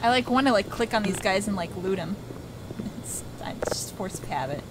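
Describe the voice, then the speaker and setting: A woman's voice: medium pitch, normal speed, heavy background noise. A young adult woman hosting a casual let's play. She jokes, chats, and talks back to the game characters. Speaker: gaming channel host.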